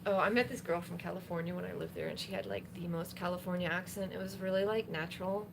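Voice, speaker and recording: A woman's voice: fairly low pitch, lively intonation, fast, creaky, noisy background. A woman singer-songwriter chatting casually between songs on a live stream, rambling with lots of fillers while she plays guitar. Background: guitar playing.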